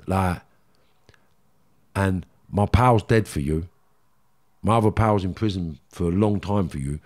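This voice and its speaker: A man's voice: deep voice, darkish tone. Middle-aged London man, ex-gangster interview guest, blunt, raw and emotional. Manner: emotional, blunt, swears freely, acts out dialogue. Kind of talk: candid interview storytelling.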